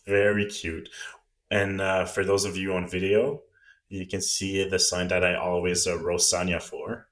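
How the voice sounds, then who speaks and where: A man with a low voice co-hosts a relaxed podcast chat. He teases his co-host with a dry, playful edge and laughs easily between lines. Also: unhurried. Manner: teasing, laughs often. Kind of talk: casual chat.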